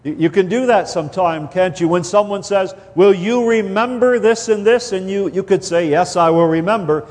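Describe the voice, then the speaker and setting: A man preaching an expository sermon, slow and deliberate, stressing key words and sometimes repeating himself as he drives a point home. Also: high voice, darkish tone. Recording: long hall reverb.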